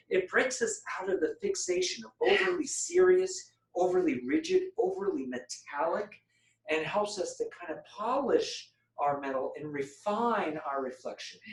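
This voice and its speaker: A man's voice: high-pitched, big pitch swings, moderate pace, creaky, reverberant, poor audio. A man leading a meditation workshop, playfully demonstrating phrases and changing his voice to model them. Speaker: meditation teacher. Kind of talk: guided group workshop.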